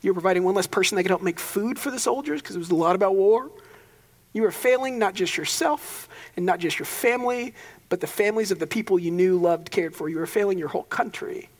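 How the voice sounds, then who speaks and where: A man's voice: high-pitched, fast, big-room sound. A young man preaching a sermon as pastor, casual and conversational, with joking asides.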